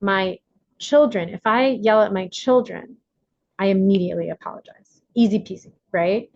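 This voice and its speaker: A woman facilitating an online recovery workshop on a video call, animated, acting out quotes with big jumps in pitch. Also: normal speed, dry recording, lo-fi sound.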